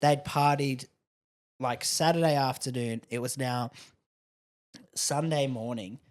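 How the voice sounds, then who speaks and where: A young Australian man, a comedian guest on a podcast, telling animated anecdotes and acting out the people he quotes. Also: mid-range voice, slow pace. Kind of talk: casual chat.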